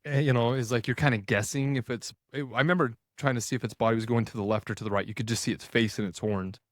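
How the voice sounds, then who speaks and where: A man, a podcast guest, telling a story in a casual, animated way, full of "like" and scenes he acts out. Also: medium pitch, fast talker, no room sound, clean studio sound. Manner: animated, retells scenes with quoted dialogue and filler "like".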